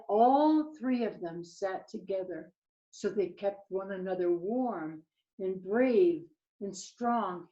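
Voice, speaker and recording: Slow, gentle woman reading to kids. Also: medium pitch. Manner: gentle, slow and expressive, addressing children. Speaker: children's storyteller. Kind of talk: reading a picture book aloud to children. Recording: slightly muffled lo-fi recording.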